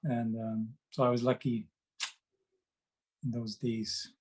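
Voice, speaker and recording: Speaking slowly and flatly in a mid-range, slightly mellow voice, this middle-aged author of children's books, who also hosts meditations, tells wandering anecdotes to children on a video call. He restarts often and leans on fillers, while faint background noise comes through a rough recording.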